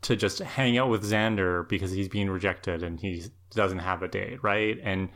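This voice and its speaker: A man's voice: low voice, normal speed, fairly bright tone. A man co-hosting a podcast, talking through the story in an earnest, analytical way and getting more emphatic as he makes a point. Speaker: podcast co-host. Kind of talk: casual analytical chat.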